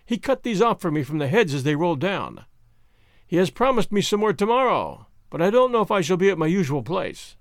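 A man's voice: sits high, big pitch swings, fairly quick, no echo, clean studio sound. A man voicing a coarse, cackling old woman who drives a cart, taunting and mocking. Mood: gloating.

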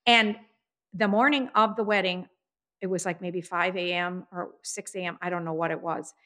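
A woman's voice: fairly low pitch, fairly even intonation, normal speed, pushed and bright. A woman in casual chat as podcast co-host, telling stories about her daughter's wedding in an emotional, chatty way, recorded in an apartment. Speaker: podcast co-host, mother of the bride.

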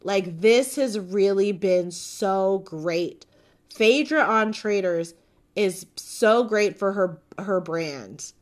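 A woman hosts a casual reality-show recap in an unhurried, chatty way. Her voice sits at a middle pitch, and she gushes freely, filling her sentences with casual fillers. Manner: chatty, gushing, many fillers like "like" and "um". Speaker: podcast host reviewing a reality show.

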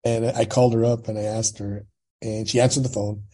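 A man's voice: lowish voice, fairly quick. A man in his sixties from California, telling his own story as a podcast guest, animatedly acting out the dialogue and often checking in with "right?". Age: 60s. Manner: animated retelling, quotes dialogue, frequent tag questions. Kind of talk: personal storytelling in conversation.

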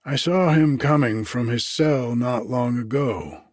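A man's voice: mid-range voice, measured pace, a little mellow, no echo, studio quality, natural voice. A man voicing a matter-of-fact male prison guard. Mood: offhand.

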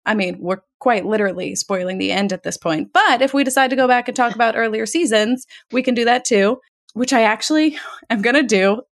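Woman, higher pitch, podcast host, chatty self-aware intros. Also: fairly quick. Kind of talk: casual podcast chat.

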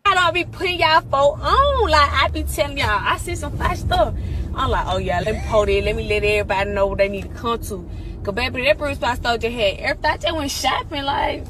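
A woman with a Southern US accent, talking fast and excitedly about shopping. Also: background noise. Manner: fast, high-energy, drawling.

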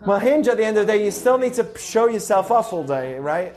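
A young adult man hosting a casual teaching podcast, animated and acting out the voices he quotes. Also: high voice, a little fast. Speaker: podcast host.

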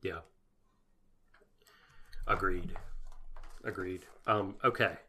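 A man's voice: low voice, very slow, bright, forceful tone, a little hiss or hum. A man co-hosting a casual podcast, rambling and breaking into giggles. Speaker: podcast co-host.

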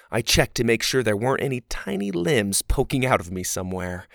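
Male storyteller, mid-pitched, dramatic delivery with big swings in loudness, dry studio sound. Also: very animated, fairly quick, gravelly, hardly any pauses, no echo. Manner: dramatic, swings from hushed to loud. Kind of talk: first-person scripted story narration.

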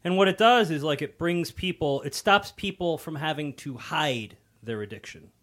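A man's voice: fairly high pitch, animated, moderate pace, fairly bright tone. A man in casual podcast chat, explaining a point in an earnest way.

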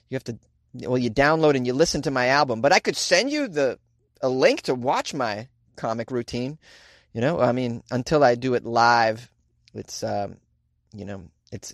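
A middle-aged man from Boston, USA, with a Boston accent and a medium-pitched voice, hosts a comedic news podcast, joking and ranting sarcastically. He records in a small closet, yet the sound is studio quality with no room sound.

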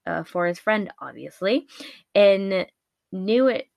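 A woman casually retelling a spooky-comic legend, breaking off for wry asides. She talks slowly with plenty of fillers, and the recording is close and dry. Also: mid-range voice, animated, vocal fry, darkish tone, no echo. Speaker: podcast storyteller. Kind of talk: casual comedic story retelling.

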